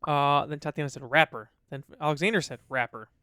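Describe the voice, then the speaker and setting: A man's voice: on the high side, brisk, pushed and bright, clear, resonant tone, dry recording, studio quality. A man co-hosting a casual podcast, reading listener comments aloud and chatting about them. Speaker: podcast co-host. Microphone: studio dynamic mic.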